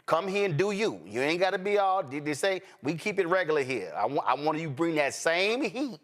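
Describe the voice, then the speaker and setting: A man's voice: a little high, lively intonation, brisk, fairly bright tone. A man hosting a talk show, blunt and joking, talking slang and cussing straight to his viewers. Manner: speaks straight to viewers, appeals for support. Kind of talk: unscripted show banter and storytelling.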